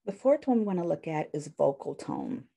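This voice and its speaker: A counseling professor gives a recorded university lecture in a low, mellow, sing-song voice with vocal fry and a breathy edge, speaking briskly. She keeps it conversational, using frequent fillers and self-corrections and holding items up to the camera as she teaches.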